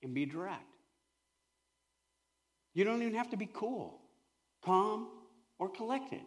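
A male pastor preaching a sermon with animated storytelling, swinging from loud to hushed. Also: sits high, slow pace.

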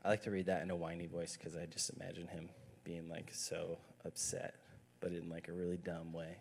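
A man's voice: sits low, monotone, a little fast, vocal fry, a little mellow, husky. A man in his thirties, a youth pastor, giving a conversational, emphatic sermon with stories.

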